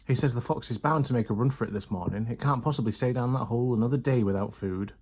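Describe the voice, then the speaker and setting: A man's voice: mid-range voice, quick pace, a little mellow, husky, natural voice. A man voicing a bossy, impatient farmer's wife in a storybook reading, with a commanding manner. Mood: matter-of-fact.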